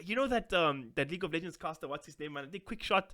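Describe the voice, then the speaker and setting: Guy hosting, bright sharp voice, rants and curses. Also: fairly high pitch, fast. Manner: animated, ranting, profane. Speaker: podcast host. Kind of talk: casual interview chat.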